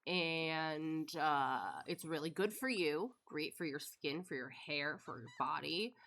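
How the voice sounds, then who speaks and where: A woman's voice: deep voice, slow, a bit bright. A woman streamer chatting casually while she plays a game, rambling with lots of fillers and laughs. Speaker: live streamer. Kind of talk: casual chat while gaming.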